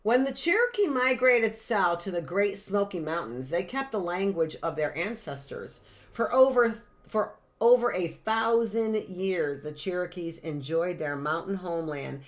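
Lady teacher reading a kids book aloud from home, low voice, keeps wandering off into little asides. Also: expressive, measured pace. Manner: chatty, wanders off into asides and questions. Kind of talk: reading a picture book aloud to young children on a livestream.

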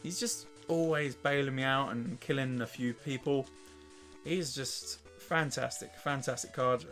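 An English man with a worn, weakened voice talks through a video game in a loose, profane way, chuckling and cursing at his opponents. His pitch sits in an ordinary middle range. Soft music plays faintly behind him. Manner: swearing, laughing, trash-talking the game. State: weak, worn voice. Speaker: let's play host. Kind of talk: casual gameplay commentary.

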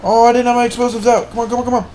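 A man giving goofy, crude gameplay commentary with sudden loud outbursts. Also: very high-pitched, flat delivery, racing, very noisy. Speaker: gaming channel host.

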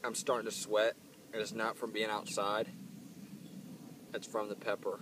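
A man's voice: on the low side, little pitch movement, normal speed, background noise. A man hosting his own channel, talking casually and earnestly to camera outdoors while in pain from pepper heat. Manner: earnest, rambling, with fillers. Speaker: channel host reviewing hot peppers. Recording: distant mic with faint outdoor ambience.

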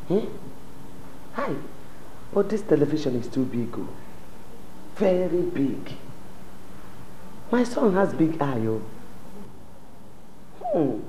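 An older Nigerian matriarch, defiant and scornful; unhurried, roomy sound. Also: female voice, on the low side, warm tone, a little hiss or hum. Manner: mocking, defiant. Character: bossy proud older mother, suspicious of city girls. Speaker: domineering mother. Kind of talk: film drama.

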